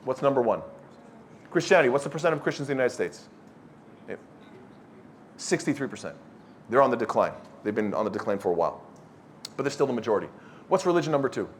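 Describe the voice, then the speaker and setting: Speaking to a youth circle, a man delivers a scolding, blunt sermon in lecture style, firing questions at the live audience. His mid-range voice is sing-song and quick, with frequent pauses, and there's a little hiss or hum on the recording.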